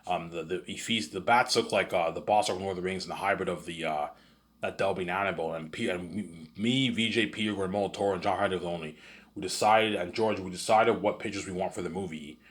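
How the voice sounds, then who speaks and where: A man's voice: low voice, fairly quick, fairly bright tone. A man vlogging in a rambling, repetitive monologue with frequent swearing.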